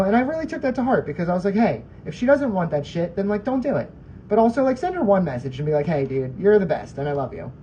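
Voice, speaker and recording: A man's voice: on the high side, dark tone, muffled recording, a little hiss or hum. A man chatting loosely on a live stream from his kitchen, rambling and swearing, packing every sentence with "like.". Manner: loose and profane, constant "like" fillers. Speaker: podcast host and musician. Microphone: phone.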